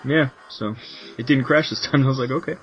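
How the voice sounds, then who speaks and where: A man's voice: medium pitch, a little fast, lo-fi sound. A man chatting casually off-air, laughing often. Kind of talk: casual chat.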